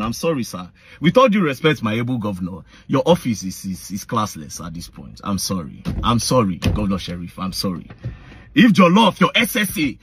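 A man's voice: mid-range voice, a bit bright, breathy edge, dry recording. A man with a Nigerian Pidgin English accent ranting in a confrontational vlog, addressing his targets directly with heated accusations. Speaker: online commentator.

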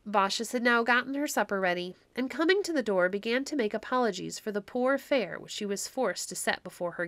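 Woman, storybook narration, gentle old-fashioned read-aloud, dry close studio mic. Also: medium pitch, dry recording.

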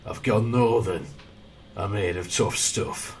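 A man playing a tough-talking northern English man in an attempted Derby accent, slow and swaggering. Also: fairly low pitch, slight background noise. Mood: defiant.

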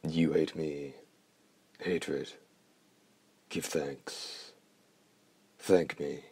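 A man's voice: very deep voice, little pitch movement, very slow, darkish tone, a little hiss or hum, full character voice. A man reading the part of an arrogant vampire duke with a contemptuous, commanding manner.

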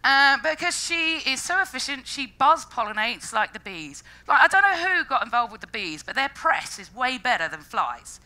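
A woman giving a lively, jokey public science talk, acting out funny quoted voices along the way. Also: sits high, moderate pace, hardly any pauses, poor audio. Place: lecture stage before an audience.

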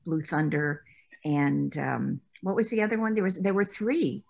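Chatty woman telling stories, lowish voice. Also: lively intonation, moderate pace, creaky, a little mellow. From United States. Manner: chatty, anecdotal, laughs often. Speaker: interview guest, former actress. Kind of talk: conversational interview.

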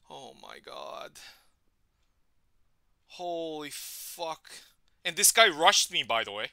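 Bright-voiced ranting young male streamer. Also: on the high side, animated, slow, creaky, pauses often, no echo. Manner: frustrated, swearing rant. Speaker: gaming streamer. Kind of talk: live gameplay commentary.

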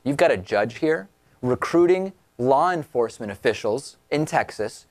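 A man's voice: medium pitch, expressive, moderate pace, dry recording. A man hosting a political talk show, delivering sarcastic, incredulous commentary on the news.

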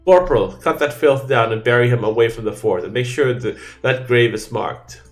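A hard-nosed fort commander played by a man barks out curt, authoritative orders in a video game. His voice sits at an ordinary middle pitch. Faint game music hums behind him. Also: normal speed, natural voice. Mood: harsh. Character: stern male fort commander, blunt and unforgiving.

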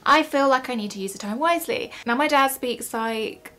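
Young woman vlogging from home, rambly and self-mocking, bit of a high voice. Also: normal speed, pushed and bright. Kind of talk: casual vlog chat.

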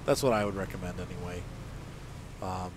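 A man's voice: sits low, a little fast, noisy background. A man casually commenting on his own gameplay, thinking aloud and correcting himself as he plays. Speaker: let's play host.

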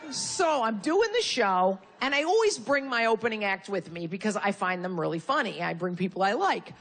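A woman's voice: medium pitch, big pitch swings, normal speed. A woman performing a stand-up comedy routine on stage before a live audience, brash and profane with insult humor.

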